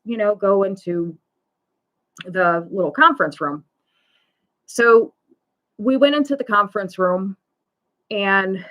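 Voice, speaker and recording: A woman hosting a live talk on pet loss, slowly retelling a story in a conversational way, full of fillers and quoted dialogue. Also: medium pitch, a bit bright. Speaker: pet loss support host.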